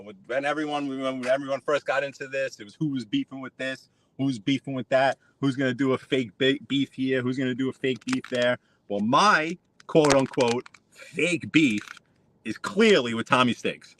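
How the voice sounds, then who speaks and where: A man's voice: mid-range voice, a bit bright, a little hiss or hum. A man, ranting sarcastically on a live stream while driving his car. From New York. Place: inside a car.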